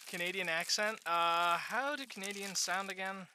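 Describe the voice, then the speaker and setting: Offhand woman streamer, bright voice. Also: lowish voice, a little fast, few pauses, smooth. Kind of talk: casual game reading stream.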